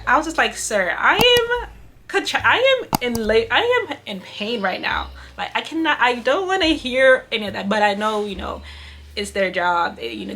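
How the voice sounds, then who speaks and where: Young woman vlogger, casual and heartfelt storytelling to camera, soft music bed. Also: medium pitch, creaky. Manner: emotional, repeats "you guys" and "you know" often.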